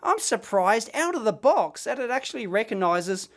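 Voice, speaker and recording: Excitable Australian man at a workbench. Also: sits high, moderate pace. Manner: excitable, chatty, blokey slang. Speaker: electronics video host. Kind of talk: casual bench demo.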